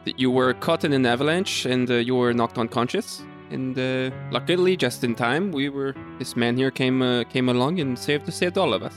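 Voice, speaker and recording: A man with a mid-pitched voice chats at a tabletop game, thinking aloud about how to play his character. Faint music runs underneath. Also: normal speed, few pauses. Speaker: player.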